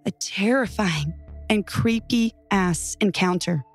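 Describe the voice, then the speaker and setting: A woman's voice: mid-range voice, takes it slowly, slightly rough, faint music behind. A woman reading a first-person true horror story aloud with tense, dramatic delivery. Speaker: story narrator.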